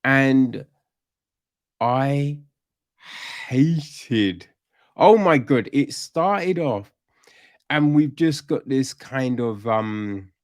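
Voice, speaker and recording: A man's voice: medium pitch, animated, drawn-out words, long pauses, no echo, studio quality. A man hosting a podcast, reviewing a TV series in a rambling, casual way that turns into exasperated, swearing rants.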